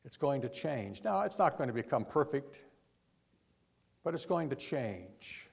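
A man preaching a sermon to a congregation, pleading and emphatic, pushing hard before dropping low. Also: sing-song, measured pace, gravelly, slightly rough.

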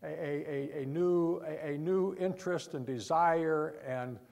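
A man preaching a sermon to a congregation, pleading and emphatic, pushing hard before dropping low. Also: unhurried, gravelly, darkish tone.

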